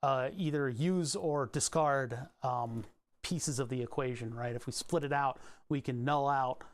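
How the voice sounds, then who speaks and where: A man's voice: mid-range voice, unhurried. A man from Pennsylvania hosting a casual live stream, thinking aloud as he works through code, rambling with restarts and asides. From Pennsylvania, USA.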